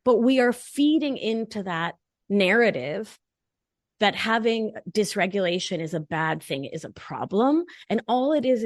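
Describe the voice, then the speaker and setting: Woman guest, expressive and animated delivery, close dry mic. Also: medium pitch, dry recording. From not from Long Island. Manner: animated, playful, emphatic explaining. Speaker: guest, nurse practitioner and life coach. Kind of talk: conversational podcast interview.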